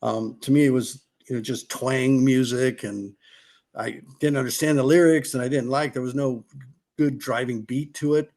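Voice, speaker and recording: A man as a podcast guest, talking in a relaxed, reminiscing way with drawn-out phrasing. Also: mid-range voice. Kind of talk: casual chat.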